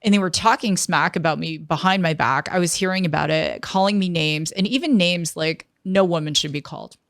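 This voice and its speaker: A woman in her fifties, a guest in an interview, telling a lively story and acting out what others said. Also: fairly low pitch, fairly quick, no room sound, clean studio sound. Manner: lively storyteller who acts out quoted dialogue. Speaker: interview guest, tech entrepreneur.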